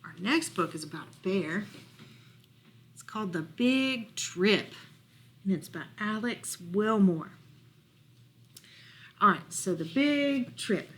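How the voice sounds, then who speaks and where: A woman librarian reading a picture book aloud to children, expressive and stopping to ask about the pictures. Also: medium pitch, slow pace, pauses often.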